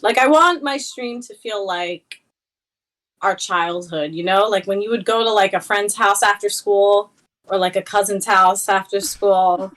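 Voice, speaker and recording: A woman's voice: mid-range voice, a little slow, a bit bright. A young woman streamer in a casual chat, talking freely with many fillers and a playful tone. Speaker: Twitch streamer, guest.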